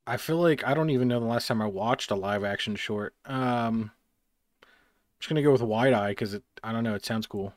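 A man's voice: medium pitch, normal speed, no room sound. A man co-hosting a casual chat, joking and hesitant as he makes his picks. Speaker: podcast co-host.

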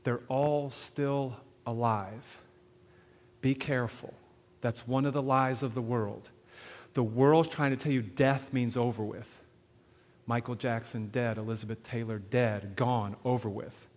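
A man preaching to a live audience on sharing faith, animated, often asking the crowd questions and checking in with "okay?". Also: medium pitch, normal speed. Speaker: evangelism speaker. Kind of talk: sermon-style teaching to an audience. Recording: long hall reverb.

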